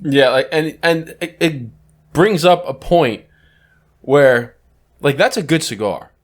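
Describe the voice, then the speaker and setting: A man's voice: fairly high pitch, expressive, takes it slowly. A man co-hosting a podcast in casual chat, talking emphatically and swearing freely. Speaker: podcast co-host.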